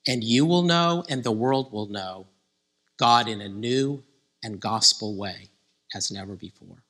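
A man preaching a conversational sermon, growing animated when he quotes scripture figures. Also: fairly low pitch, a little slow.

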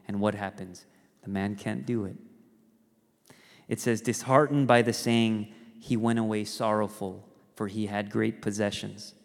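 A pastor giving a conversational sermon, telling stories with animated rises and quiet, earnest drops. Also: male voice, lowish voice, unhurried, vocal fry. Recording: reverberant hall.

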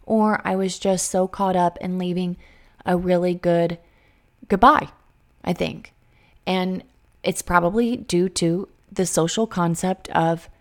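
A woman's voice: medium pitch, a little mellow. A woman coach in her thirties speaks with earnest emphasis. She addresses her listeners directly in a faith-based motivational talk.

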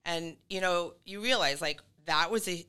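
A middle-aged woman chats on a podcast, her voice bright and crisp. She rambles through her story with fillers and quick laughs, sitting slightly low in pitch for a woman. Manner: chatty, full of fillers and laughs. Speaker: guest. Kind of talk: casual podcast conversation.

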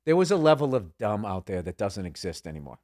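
A man's voice: lowish voice, sing-song, quick pace, a little mellow, no room sound, studio quality. A man chatting as a comedian guest, telling rambling, profane stories full of restarts. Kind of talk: casual chat.

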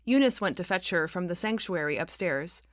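A woman author narrating her own novel as an audiobook, wry and expressive. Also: on the low side, normal speed, no room sound, clean studio sound.

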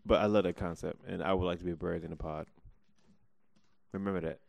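A young man with a low, gravelly voice chats casually on a podcast, laughing and joking as he goes. His pitch swings widely, and the sound is dry and close. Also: fairly even intonation, fast, darkish tone, no echo. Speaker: podcast co-host. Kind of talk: casual chat.

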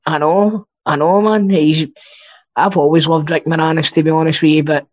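Scottish guy rambling on a podcast, swears a lot, bit high pitched, muffled lo-fi mic. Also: steady tone, normal speed. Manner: chatty, rambling, swears freely. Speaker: podcast co-host. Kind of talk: casual chat. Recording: dull lo-fi sound.

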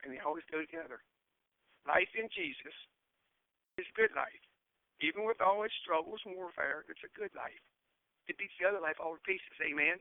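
A man's voice: on the high side, normal speed, gravelly, pauses often, dry recording. A man preaching an evangelistic sermon outdoors, earnest and emphatic, repeating his key phrases. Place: outdoors in a breeze. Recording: narrow phone-like sound.

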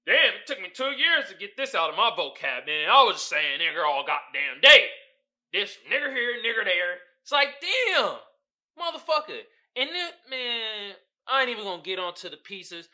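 This is a casual solo rant from a man hosting his own podcast, delivered at a moderate pace. His bright, sharp-edged voice swoops around energetically as he gets profane and worked up, alternating between loud eruptions and low grumbles.

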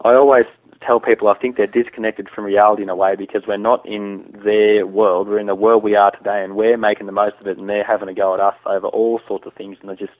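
Over a tinny phone line, a male hunter guest talks casually and opinionatedly, restarting his sentences often. His voice is on the low side, level in tone and fast, with no echo.

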